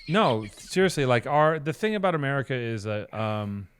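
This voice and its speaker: A man's voice: mid-range voice, big pitch swings, normal speed, over music. A man co-hosting a podcast, chatting casually and telling rambling, sarcastic stories with plenty of swearing. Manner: rambling, sarcastic, profane storytelling. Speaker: podcast co-host. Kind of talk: casual chat.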